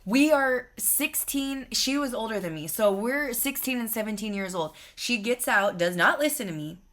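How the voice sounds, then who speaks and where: A woman's voice: a little high, animated, normal speed, fairly bright tone. A woman in her twenties telling a storytime to her channel, blunt and profane, exasperated as she retells it. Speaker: vlogger. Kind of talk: storytime monologue.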